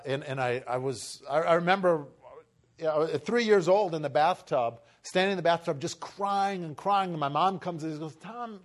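A man with a notably high voice preaches a sermon, weaving in a personal story. He talks haltingly, with frequent fillers and restarts. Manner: emotional, acts out family voices, rising to shouts.

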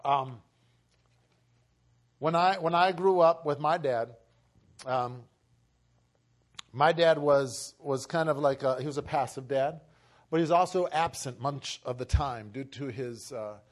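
A man's voice: mid-range voice, a little slow, long pauses. A man preaching a sermon and telling a personal story, talking with many fillers and restarts. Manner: emotional, acts out family voices, rising to shouts.

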